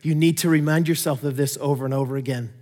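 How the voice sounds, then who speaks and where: A man preaching a sermon, telling stories with animated swings between loud emphasis and quiet asides. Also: on the high side, quick pace, long reverb tail. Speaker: pastor.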